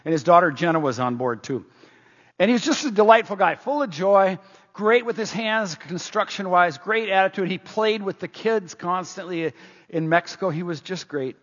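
A man's voice: sits high, lively intonation, moderate pace, a bit bright. A middle-aged male pastor preaching a sermon, telling a story earnestly and asking the congregation questions. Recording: dull, long-reverb hall sound.

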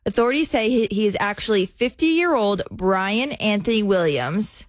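A woman's voice: medium pitch, expressive, moderate pace, no room sound. A woman co-hosting a morning radio show, reading out a news story in a giggly, easygoing way. The sound is dry and close to the mic. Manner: giggly, self-deprecating. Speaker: radio co-host.

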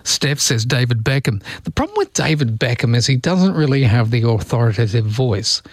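A man hosting a radio show, bantering casually and slipping into quick celebrity impressions. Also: mid-range voice, big pitch swings, husky, dry recording. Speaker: radio host. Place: radio studio.

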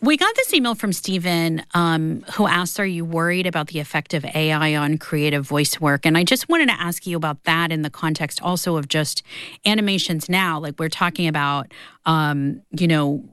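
A woman's voice: sits low, normal speed, fairly bright tone, clear, resonant tone, no echo, studio quality. A woman hosting an interview, reading listener emails and asking conversational questions. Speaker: interview host.

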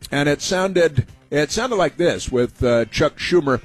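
A man's voice: on the high side, expressive, a little slow, breathy edge, soft background music. A man hosting a talk show, giving combative, rambling political commentary with frequent fillers.

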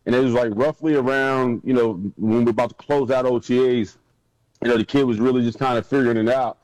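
Animated man telling stories, dry sound. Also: medium pitch, fast, no echo, low-quality recording. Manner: animated storyteller who acts out quotes in a raised voice. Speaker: guest, former football player. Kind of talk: casual storytelling interview.

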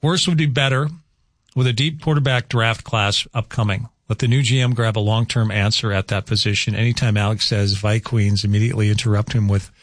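A man's voice: lowish voice, fairly even intonation, a little fast, no echo. A man hosting casual morning radio, rambling through weather and chatty asides in a studio. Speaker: radio host. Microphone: studio microphone.

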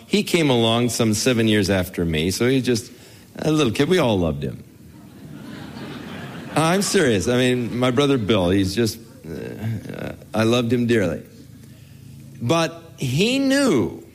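A man's voice: on the low side, slight background noise. An older man, a pastor, giving a folksy, conversational Bible teaching sermon, telling family stories with chuckles. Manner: folksy, storytelling, chuckles as he talks.

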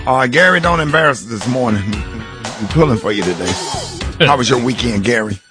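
Radio host, teasing and joking, mid voice, music behind. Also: male voice, medium pitch, lively intonation, a little fast. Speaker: radio morning show host. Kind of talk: comic radio banter.

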